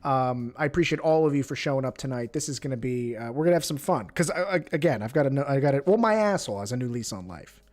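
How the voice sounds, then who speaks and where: A man's voice: medium pitch, expressive, fast talker, hardly any pauses, a little mellow. A man hosting a livestream, joking crudely in casual chat with lots of restarts. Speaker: livestream host.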